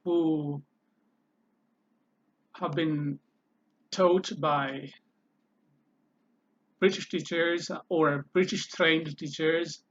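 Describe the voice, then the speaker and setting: A man teaching a language lesson, repeating each word several times and pausing to think with fillers. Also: a little high, bright, forceful tone. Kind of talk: slow spoken language lesson. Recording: slightly dull, lo-fi sound.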